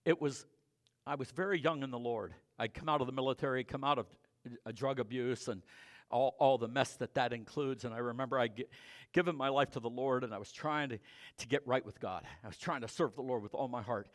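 A man preaching a sermon and sharing his own testimony, swinging between loud emphatic preaching and quiet confessional storytelling. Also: mid-range voice, normal speed, pauses often.

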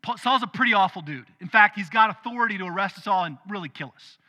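A preacher voicing a wary male disciple who hesitantly pushes back against God in casual, halting speech. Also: high voice, lively intonation, bright, forceful tone, long reverb tail, dull audio, heavily acted. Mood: nervous pleading.

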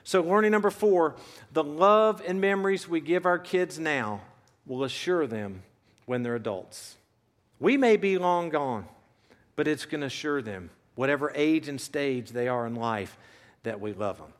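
A pastor in his fifties delivers a sermon in an earnest, conversational way, telling family stories between his points. His voice sits fairly high for a man. The sound carries a long reverb from a large hall. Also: animated, unhurried. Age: 50s. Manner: earnest, conversational storytelling with shifting emphasis.

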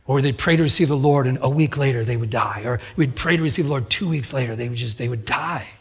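A man's voice: medium pitch, quick pace, slightly rough. A middle-aged man preaching a radio sermon, telling personal stories in a conversational way. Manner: conversational storytelling preacher, acts out quoted voices. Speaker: pastor.

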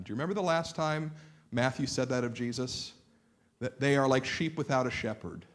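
A man's voice: mid-range voice, big pitch swings, fairly quick. A man pastor preaching a sermon, earnest and explanatory, often repeating words as he builds a point.

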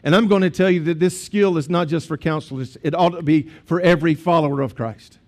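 A man's voice: fairly high pitch, brisk, a little mellow. A man, a pastor preaching a sermon in a conversational storytelling way with asides to the congregation.

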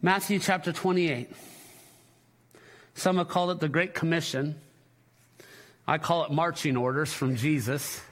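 A man, a pastor, preaching a sermon in a church, animated and joking with the congregation, repeating words when worked up. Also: on the high side, unhurried, long pauses. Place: church sanctuary.

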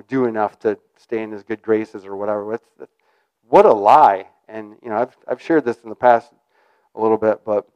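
A man's voice: mid-range voice, a little mellow, no echo, muffled recording. A man giving an informal sermon in a conversational, rambling way. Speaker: preacher.

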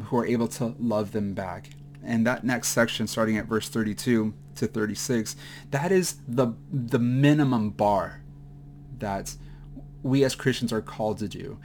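A man's voice: on the low side, darkish tone, slight background noise. Emotional man teaching from the Bible. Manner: halting, many fillers and restarts. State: choked up, emotional. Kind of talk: mid-week Bible teaching.

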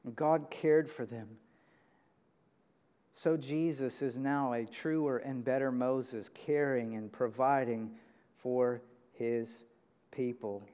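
A man's voice: fairly even intonation, slow, clean tone. Emphatic male pastor in a reverberant church. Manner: emphatic, swinging between loud high bursts and low quiet lines. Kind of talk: sermon. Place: church with a pulpit.

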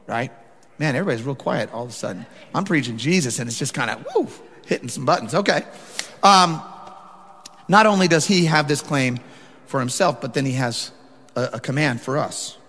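A man's voice: high-pitched, expressive, a little fast, bright, forceful tone. A man preaching a sermon, emphatic and talking directly to the congregation. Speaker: pastor. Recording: long hall reverb.

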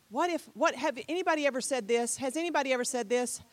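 A woman's voice: sits high, quick pace, hardly any pauses, no room sound. A middle-aged woman teaching a Bible class, chatty and direct, often repeating herself and putting questions to the class.

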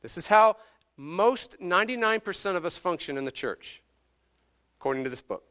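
A man in his thirties preaching a sermon as pastor, swinging from hushed, slow phrases to emphatic, rising ones. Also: high-pitched, animated.

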